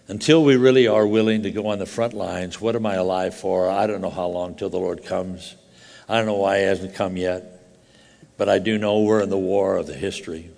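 An older man preaching a sermon, telling a story with animated, halting restarts that drop to quiet intensity. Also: low voice, creaky, long reverb tail.

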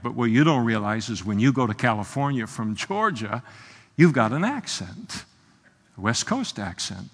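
A man preaching an expository sermon as pastor, impassioned, swinging from soft, low asides to loud, emphatic outbursts. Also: very animated, moderate pace, breathy edge. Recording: long hall reverb.

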